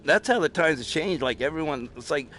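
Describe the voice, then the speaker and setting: Guy rambling thru a story, cussing a lot, voice sits a bit high and jumps all over. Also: animated, brisk, a crowd in the background. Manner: profane, rambling storyteller with frequent fillers. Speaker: podcast host. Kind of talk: casual chat.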